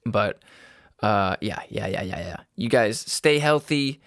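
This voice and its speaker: A man's voice: on the low side, expressive, slow, no room sound, studio quality. A young man hosting a casual solo podcast, rambling and swearing, laughing at himself. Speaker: podcast host. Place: a home room.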